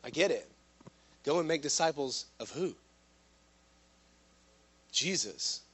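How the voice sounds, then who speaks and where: A man preaching a sermon to a live room, impassioned, swinging from loud urgent lines to hushed ones. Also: on the high side, lively intonation, slow, slightly rough. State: out of breath at times. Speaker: pastor.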